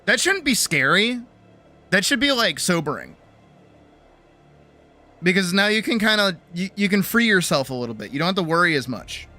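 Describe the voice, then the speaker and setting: A woman streamer talking loosely to her chat, swearing freely and rambling through a pep talk. Her voice is bright and lively, jumping up and down in pitch, with soft music underneath. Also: moderate pace, long pauses. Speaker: streamer and artist. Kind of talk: casual livestream chat.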